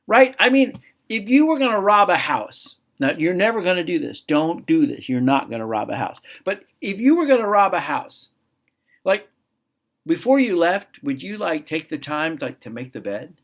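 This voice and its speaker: A man's voice: on the high side, very animated, moderate pace, a bit bright. A man giving a casual Bible lesson to children, talking conversationally and asking his listeners questions.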